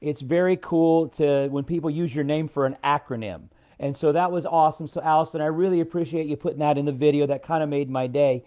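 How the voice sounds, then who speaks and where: A man's voice: on the high side, steady tone, a little fast, hardly any pauses, warm tone. An American man hosting a casual live stream, chatting in a rambling way and greeting viewers by name.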